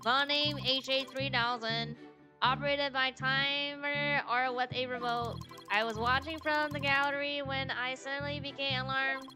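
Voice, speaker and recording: A woman voicing a terse male bomb disposal expert who talks in a clipped, flat, mechanical way. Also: high voice, unhurried, over music, voice pushed up. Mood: robotic.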